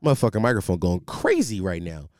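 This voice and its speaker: A man's voice: sits low, quick pace. A tired young man hosting a casual, profane podcast monologue from a home setup on a studio mic. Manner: animated, profane, rambling with restarts. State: tired, sleepless. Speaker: podcast host. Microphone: studio microphone.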